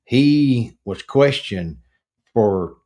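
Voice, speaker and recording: A middle-aged man with a drawl hosts a true-crime chat. His voice is dark and mellow, and he talks at an unhurried, deliberate pace. He stresses key words and often restarts his sentences as he builds up indignation. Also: mid-range voice, expressive. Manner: slow, emphatic, indignant storytelling with restarts. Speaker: podcast host. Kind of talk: casual true-crime discussion.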